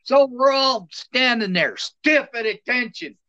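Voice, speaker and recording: A man's voice: extremely high pitch, measured pace, dull audio. A middle-aged man, a retired soldier, telling plainspoken stories in a casual interview. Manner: animated, plainspoken anecdotes with laughs. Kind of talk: casual storytelling.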